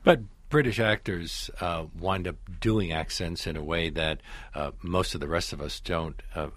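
A man hosting an interview, asking measured, inquisitive questions. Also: sits low, a bit bright, no room sound. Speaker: interviewer, radio host.

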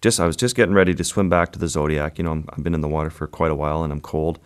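A man, a guest photographer, recounting an encounter in a vivid, measured way during an interview. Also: extremely low pitch, steady tone, clean tone. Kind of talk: storytelling interview.

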